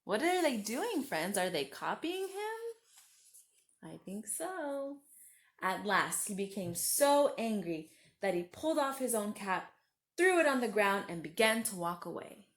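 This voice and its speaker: Woman storyteller for kids, unhurried read-aloud, chats with young listeners between pages. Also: medium pitch, very animated. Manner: gentle, talks to listeners as friends and asks them questions. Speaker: children's story reader. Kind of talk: reading a picture book aloud to children.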